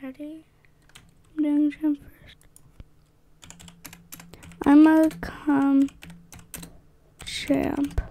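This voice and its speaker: A young woman giving excitable, rambling casual commentary while playing a game. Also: high voice, very slow, long pauses. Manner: chatty, excitable, rambling with fillers. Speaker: gaming vlogger.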